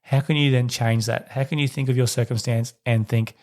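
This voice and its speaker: A man hosts a solo parenting podcast, speaking to listeners in a reflective, conversational way with a steady, brisk, slightly mellow voice. When he quotes other people, he acts out their voices in a higher pitch.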